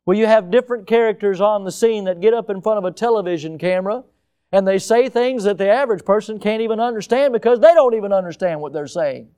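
A male pastor preaches a sermon, swinging emphatically in loudness and pace and sometimes putting on mocking high voices. He talks fast, and his delivery is smooth.

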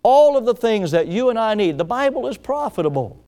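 Preacher guy, fairly high voice, keeps repeating his point and quizzing the church. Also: very animated, a little fast, dark tone. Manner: folksy, repeats key phrases, asks the congregation questions. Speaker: pastor. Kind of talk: sermon.

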